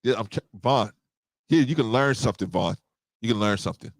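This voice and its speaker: A man's voice: lowish voice, fairly quick, creaky, no room sound. A man hosting a reaction show, mocking and laughing as he comments. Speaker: host.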